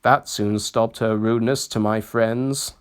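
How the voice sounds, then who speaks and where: A man voicing a kindly old little male steam engine in a storybook reading, telling gentle memories. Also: fairly low pitch, steady tone, a little slow, smooth, lightly acted. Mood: fond.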